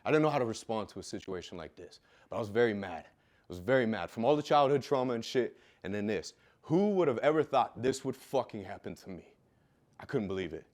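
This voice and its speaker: A man telling a raw personal story with heavy swearing, dropping low and quiet, then bursting out loud. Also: lively intonation, a little fast. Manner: profane, intense, swings from quiet to loud; loud, self-described. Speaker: fitness business coach telling his life story.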